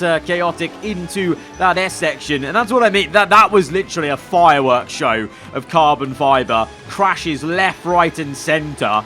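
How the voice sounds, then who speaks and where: A young man commentating his own racing game play, swinging from low muttering to excited shouting. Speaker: gaming YouTuber.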